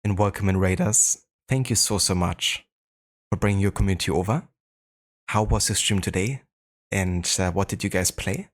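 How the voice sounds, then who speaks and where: A man's voice: low-pitched, moderate pace. A man with a German accent chatting casually on a live game stream, greeting viewers in a laid-back way with frequent fillers.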